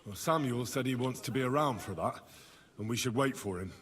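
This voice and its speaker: A man's voice: medium pitch, brisk, a bit bright, long reverb tail, natural voice. An actor playing a male messenger in a game who soberly reports bad news. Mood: grave.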